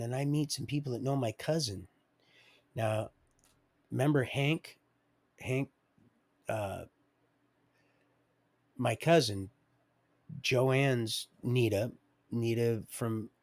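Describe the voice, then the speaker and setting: Rambling middle-aged man telling stories. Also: mid-range voice. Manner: digressive, loose and conversational, with chuckles. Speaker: livestream storyteller. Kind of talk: rambling personal storytelling.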